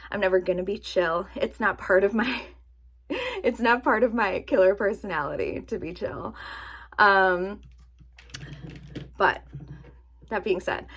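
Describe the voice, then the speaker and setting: A woman chatting casually to her camera in a vlog, animated and self-mocking, laughing at her own jokes. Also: medium pitch. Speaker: vlogger. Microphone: camera-mounted or nearby mic, sitting to film.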